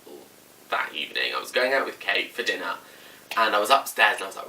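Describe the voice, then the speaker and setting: Chatty young man, bright voice. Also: fairly low pitch, animated, brisk. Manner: chatty, lots of "like", acts out quotes. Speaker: vlogger. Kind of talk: casual storytelling to camera. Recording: slightly distant mic, faint room noise.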